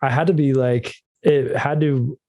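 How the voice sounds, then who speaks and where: A man in his thirties, a podcast guest, telling stories in a casual chat with a monotonous deadpan delivery. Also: medium pitch, unhurried, no room sound.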